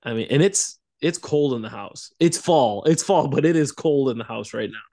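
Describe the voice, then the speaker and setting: A young male podcast co-host tells a rambling story in a casual storytelling chat, laughing frequently and acting out quotes. His medium-pitched voice is warm with lively intonation at a normal speed, recorded at studio quality with no room sound.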